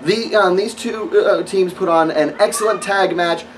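A man's voice: sits high, normal speed, far from the mic, a little hiss or hum, low-quality recording. A man giving a casual, rambling spoken review of wrestling matches, sarcastic and full of fillers.

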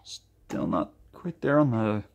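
Slow, animated man narrating a paint demo. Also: on the low side, vocal fry, slight background noise. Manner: chatty, enthusiastic, thinking aloud while mixing. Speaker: acrylic pouring channel host. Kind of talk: casual demo talk to camera.

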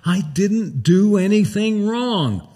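A man's voice: high voice, big pitch swings, takes it slowly, mellow, slightly rough, voice pushed up, exaggerated voice. A man playing a condemned heretic scholar who pleads and insists on his innocence. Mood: defiant. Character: condemned male heretic scholar, anguished and defiant.

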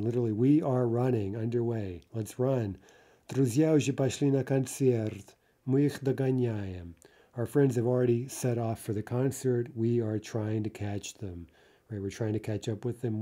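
A man's voice: mid-range voice, dark tone. A man teaching Russian vocabulary, reading example sentences, translating them and explaining them with frequent "okay" and "right". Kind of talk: vocabulary lesson.

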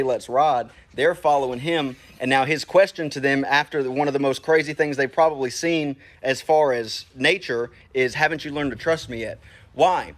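A man preaching a casual, animated sermon to a congregation, talking straight to them in a conversational way. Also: on the high side.

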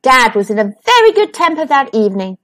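A woman reading a children's picture book aloud, slowly and expressively, as a storytime host. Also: sits high, very animated, a bit bright. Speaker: storytime reader.

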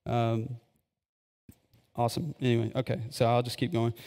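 A man's voice: medium pitch, monotone, moderate pace, long pauses, warm tone. A man preaching casually at a live service, rambling with lots of fillers and eager asides. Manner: rambling, filler-heavy and enthusiastic. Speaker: pastor. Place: church sanctuary. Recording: long church-hall reverb.

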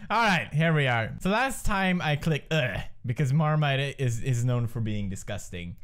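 A man playing a quiz game, shouting, laughing and swearing as he plays. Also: mid-range voice, normal speed. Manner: excitable, yelling and swearing at the game. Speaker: gamer. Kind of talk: let's play commentary.

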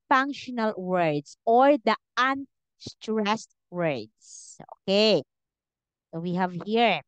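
A woman's voice: fairly high pitch, fairly bright tone, clear, resonant tone, no echo, rough recording. A woman English teacher giving a one-on-one lesson, explaining patiently and saying okay often. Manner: slow, patient explaining with many okays.

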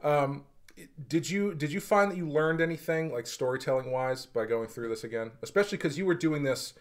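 A man's voice: on the high side, brisk. A man with a faint Boston accent chats casually on a podcast. His delivery is dry and wry, with stories told at an easy, conversational pace. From Boston area. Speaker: podcast co-host.

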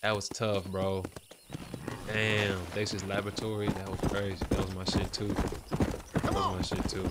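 A young male gaming streamer with a lowish voice, rambling to his chat in loose, profane slang. Loud game audio sits under him, with horse hooves clopping and outdoor ambience. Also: fairly even intonation, fairly quick, pauses often, heavy background noise. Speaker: gaming livestreamer. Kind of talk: casual chat to a stream audience while playing. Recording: loud game sounds over the voice.

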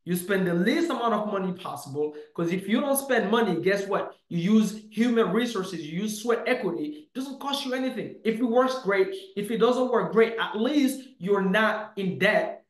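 A man coaching to camera in a punchy, emphatic way, with lots of "bam" and "boom". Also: animated, normal speed, few pauses, echoey room, rough recording. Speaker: real estate coach. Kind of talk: motivational teaching to camera.

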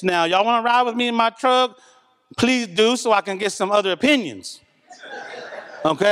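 Loud, high-voiced man giving testimony. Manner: loud talker, candid and animated. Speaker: church member giving testimony. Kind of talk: church testimony. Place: church service. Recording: reverberant church hall.

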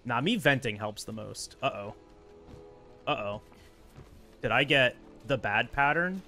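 A man's voice: mid-range voice, expressive, a little slow, gravelly, pushed and bright, faint music behind. A man streaming a speedrun live, commenting on his gameplay and venting in frustrated rants. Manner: frustrated ranting, venting at the game.

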